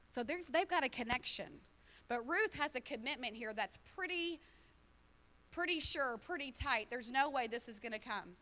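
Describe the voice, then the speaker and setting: Woman pastor, high bright voice, chatty sermon in a reverberant church. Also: animated, normal speed. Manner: conversational preaching with quoted dialogue. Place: church auditorium. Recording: long hall reverb.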